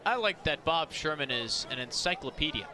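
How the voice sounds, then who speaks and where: Excitable man calling baseball play-by-play. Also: a little hiss or hum. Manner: rapid pitch calls, rising to shouts on big plays. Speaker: play-by-play announcer. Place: outdoor ballpark broadcast booth. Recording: outdoor ballpark crowd behind. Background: ballpark crowd.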